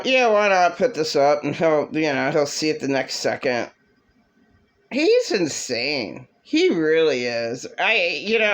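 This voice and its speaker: A woman vents in a rambling, agitated vlog rant that circles back on itself. She speaks slowly in a fairly low voice. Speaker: vlogger. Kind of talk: casual rant to camera.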